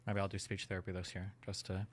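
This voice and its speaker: Casting: low-voiced male streamer, rapid and rambling in casual chat. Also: monotone, background noise. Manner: fast, rambling, lots of fillers. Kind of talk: casual conversation.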